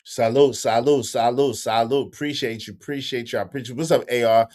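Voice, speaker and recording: A young man hosting a casual livestream, bantering with the chat in animated, repetitive bursts with frequent laughs. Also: medium pitch, a little fast. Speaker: livestream host.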